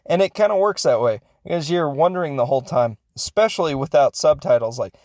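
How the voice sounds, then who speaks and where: A man with a slightly high, mellow voice talks briskly and animatedly, barely pausing, in a dry, studio-quality recording. He hosts a film-review podcast, recapping a movie in a casual, rambling style, frequently unsure and correcting himself, and tossing in joking asides.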